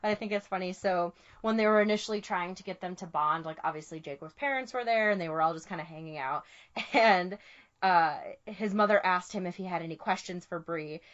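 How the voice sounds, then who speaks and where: A woman's voice: fairly low pitch, a little fast, a bit bright. A woman co-hosting a casual film podcast, laughing often as she talks. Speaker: podcast co-host. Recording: muffled lo-fi audio.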